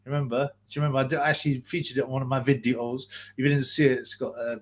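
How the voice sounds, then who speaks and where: Male streamer, husky voice, mid pitch, loose sweary rambling commentary. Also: little pitch movement, very fast. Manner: rambling, profane, restarts sentences often. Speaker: boxing channel host. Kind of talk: casual live-stream rant.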